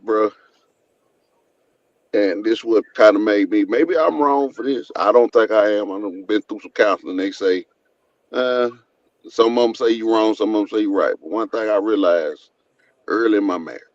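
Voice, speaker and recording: A man with a low voice talks slowly and frankly about his own marriage. The sound is dry and dull, like lo-fi stream audio. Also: no echo. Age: adult in his second marriage. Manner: frank, slow, reflective. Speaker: guest on a live talk. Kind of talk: casual chat.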